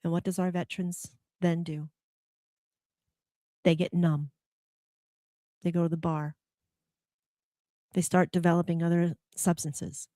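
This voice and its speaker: A woman's voice: lowish voice, little pitch movement, a little slow, long pauses, warm tone, no echo, clean studio sound. A woman hosting a spiritual motivational talk, probing her listeners with rhetorical questions. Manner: acts out quoted complaints in a heated voice. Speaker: host.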